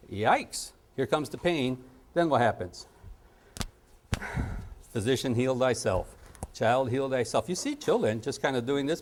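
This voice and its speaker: A middle-aged man teaching a parenting training session, joking and acting out little scenes as he goes. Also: on the high side. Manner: animated, jokey, acts out little scenes and sound effects. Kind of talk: lively training lecture.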